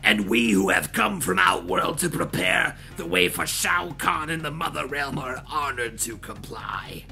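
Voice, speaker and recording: A man voicing a gurgling, menacing monstrous male priest with blades on his arms, who intones his decrees slowly and grandly. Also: a little high, expressive, gravelly, bright, forceful tone, faint music behind, exaggerated voice. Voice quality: gurgling, strained.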